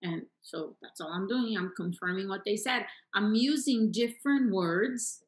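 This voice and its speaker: A woman's voice: mid-range voice, a little slow. A woman teaching how to handle sales objections in an emphatic, repetitive coaching style, checking in with her listeners as she goes. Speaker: sales trainer. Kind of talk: coaching lesson. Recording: roomy echo.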